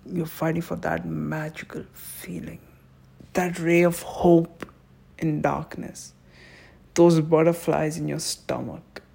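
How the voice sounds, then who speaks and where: A man giving an intense, emotional monologue on love, swearing and swinging between hushed passages and shouting. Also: on the high side, little pitch movement, slow pace, creaky, breathy edge. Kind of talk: impassioned spoken monologue.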